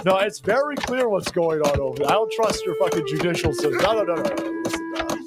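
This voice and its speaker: A man's voice: on the high side, sing-song, quick pace. A man streaming a strategy game, ranting and swearing as he reads and answers chat, with game music playing behind him. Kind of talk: profane gaming stream commentary.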